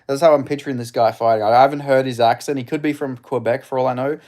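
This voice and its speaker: Speaking fast in a steady, medium-pitched, darkish voice, an Aussie streamer from Perth commentates a live fight stream. He's relaxed, chats with his viewers, and swears freely while hosting the watch-along.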